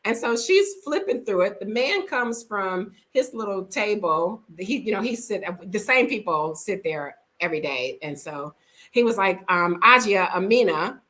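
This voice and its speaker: A woman's voice: mid-range voice, a little slow, poor audio. A middle-aged woman vlogging, telling stories casually and frankly and acting out the people in them. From United States. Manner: animated, frank, acts out the people in her stories. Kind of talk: casual storytelling to camera.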